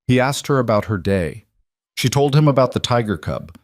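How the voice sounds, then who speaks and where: A man narrating a romantic thriller audiobook in a steady, measured storytelling manner. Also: medium pitch, no echo, studio quality.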